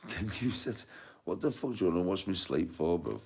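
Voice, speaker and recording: A man's voice: low voice, sing-song, a little fast, a little mellow, husky. A man with a Birmingham accent, rambling crudely and laughing often as he chats. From Birmingham, England. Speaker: streamer.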